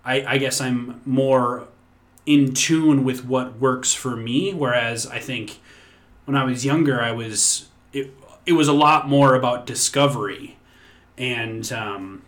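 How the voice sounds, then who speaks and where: A man in his thirties co-hosting a podcast, speaking at a middling pitch. He rambles and restarts his sentences, and he swears freely in a relaxed, casual chat. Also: slow pace. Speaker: podcast co-host.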